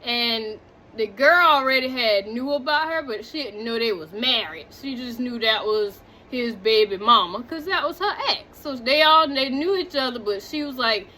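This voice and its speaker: A woman recapping a movie in casual chat, animated and talking straight to her viewers, drifting off on tangents. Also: high voice, moderate pace, a little hiss or hum. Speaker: movie reviewer.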